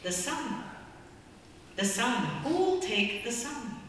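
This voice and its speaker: A woman's voice: fairly high pitch, very animated, takes it slowly, a bit bright, a little hiss or hum, heavily acted. A woman voicing a formal, persistent male auctioneer who announces bids insistently. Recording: echoey hall from far off.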